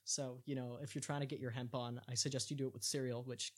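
A man's voice: mid-range voice, level tone. A man hosting a casual podcast, joking around and tripping over foreign words. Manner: jokey, quick asides, stumbles over foreign words. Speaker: podcast host.

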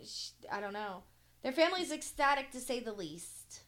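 A woman with a fairly high voice co-hosts a relaxed podcast. She reads news items aloud, tripping over words now and then, and swears offhandedly. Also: moderate pace. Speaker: podcast co-host. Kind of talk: casual chat, reading news stories aloud.

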